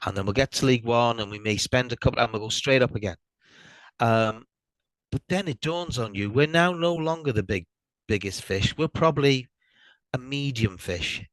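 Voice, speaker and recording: A middle-aged Welsh man guesting on a podcast, speaking in a thoughtful, hesitant way with many pauses. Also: mid-range voice, a bit bright, dry recording, low-quality recording. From Wales. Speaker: guest fan. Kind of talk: casual podcast chat.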